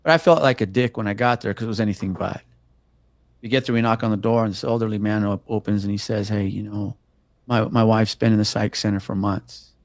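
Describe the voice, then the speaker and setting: Speaking a little fast in a low-ish voice, a middle-aged cop recounts a story during a relaxed interview. The studio-quality audio has no echo, and his telling is profane and animated, complete with impressions of the people he describes.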